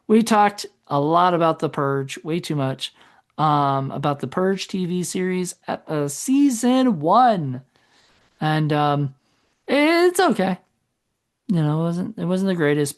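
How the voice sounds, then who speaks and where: A man's voice: high-pitched, lively intonation, measured pace. A man co-hosting a podcast in casual chat, rambling and correcting himself as he goes. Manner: rambling, self-correcting, trails off. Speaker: podcast co-host.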